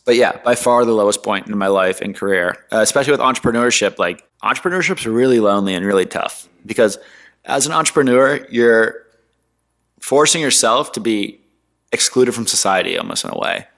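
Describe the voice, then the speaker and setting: A man's voice: mid-range voice, a little fast. Slangy young man telling his story. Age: 20s. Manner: animated, slangy, mimics others in quotes. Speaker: guest entrepreneur. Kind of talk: casual interview storytelling.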